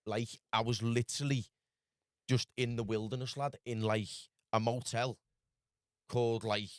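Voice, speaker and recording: Scouse guy rattling off his story quick, lad this lad that, dry room. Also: mid-range voice, flat delivery, no room sound. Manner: rapid storytelling, calls the listener lad and bro. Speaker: podcast guest. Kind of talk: casual podcast chat.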